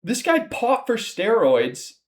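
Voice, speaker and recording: A man's voice: very high voice, wildly swooping pitch, slow pace. A young man hosting a casual fight breakdown, exasperated and profane, sighing often as he rants. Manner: exasperated, profane ranting with frequent sighs. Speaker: MMA analyst host.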